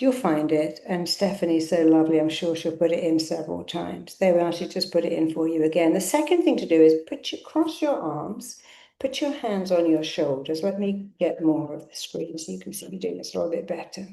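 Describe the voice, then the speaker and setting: A woman's voice: fairly low pitch, normal speed, gravelly, mellow, reverberant. A woman therapist leading a live online session, coaching listeners through a self-help exercise and repeating affirmations with emphasis.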